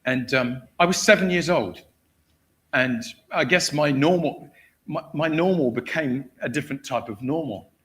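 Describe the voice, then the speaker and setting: With a fairly high-pitched voice at normal speed, an English guest preacher narrates a story from the church pulpit. His delivery is lively, full of acted-out shouting and frequent laughter.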